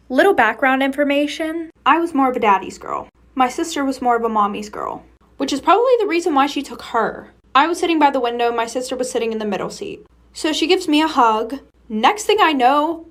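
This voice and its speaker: Chatty young woman telling storytime. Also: sits high. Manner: chatty, blunt, swears freely. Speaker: storytime creator. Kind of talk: casual storytime to camera. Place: in bed at night.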